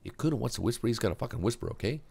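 A man's voice: medium pitch, lively intonation, rapid-fire, vocal fry, dark tone, breathy edge, pitched above the performer's own voice. A man voicing a foul-mouthed, cocky boy who talks about himself in third person.

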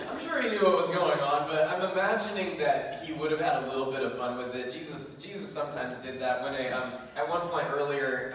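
A man's voice: medium pitch, a little hiss or hum. Guy preaching a sermon, super echoey church hall, mic kinda far off. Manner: animated storytelling with laughs and scripture reading. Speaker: pastor. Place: church sanctuary.

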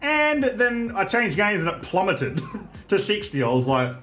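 A man hosts a casual stream chat in an animated way. His voice sits a bit high and swings widely. He swears freely and laughs a lot, with faint music behind. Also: a little slow. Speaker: streamer and podcast host.

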